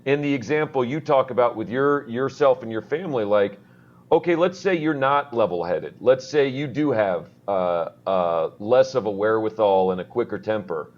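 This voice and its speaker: A man co-hosting a casual sports and law talk show, talking in a rambling way with plenty of fillers. His voice sits in a middle pitch. The recording sounds dull and lo-fi. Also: normal speed.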